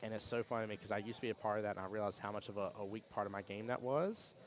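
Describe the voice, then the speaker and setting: A man hosting a pool tournament stream, chatting casually and reading viewer comments in a rambling, storytelling way. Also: on the low side. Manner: fast, rambling storyteller with restarts and laughs. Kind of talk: casual chat with live chat readouts.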